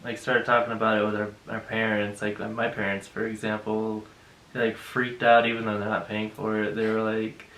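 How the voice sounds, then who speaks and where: A man chatting casually beside his wife, relaxed and full of fillers. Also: fairly low pitch, moderate pace. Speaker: co-host, groom. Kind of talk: casual chat. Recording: roomy sound with faint music.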